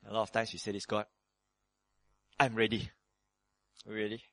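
A man preaching a sermon as pastor, acting out prayers in quick shifts of voice. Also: no echo. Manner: lively preaching, acts out prayers in sudden higher voices.

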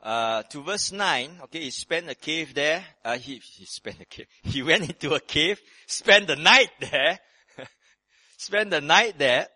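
A man preaching a sermon on a Bible passage, animated and dramatic, moving between loud emphasis and hushed tones, with casual asides to his listeners. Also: a little high, a little slow, no echo. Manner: conversational asides with frequent "you know" and "right".

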